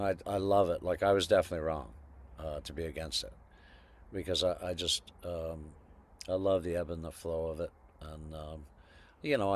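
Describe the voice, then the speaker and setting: A man being interviewed as a guest musician, telling stories in a reflective, meandering way over a video call. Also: sits low. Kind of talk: casual interview conversation.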